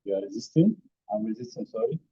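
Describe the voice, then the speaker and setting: A man leads a hands-on physiotherapy demonstration, calling out brief commands between explanations. His voice is dark and husky, and the recording sounds dull and lo-fi in a teaching room. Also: fairly low pitch, lively intonation, fast. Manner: short commands mixed with explanations. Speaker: physiotherapy instructor. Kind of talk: hands-on demonstration with verbal cues.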